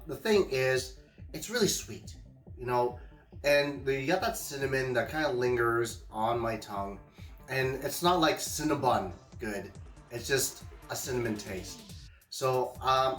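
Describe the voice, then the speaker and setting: A man's voice: medium pitch, unhurried, echoey room, faint music behind. A man hosting a casual beer-tasting show, joking and leading the talk. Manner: joking, animated, leads the segments. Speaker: podcast host. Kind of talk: casual chat.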